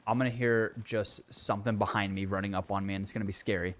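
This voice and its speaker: A man's voice: on the low side, steady tone, fast. A young man livestreaming a video game, ranting and swearing in exasperation while talking casually to his viewers.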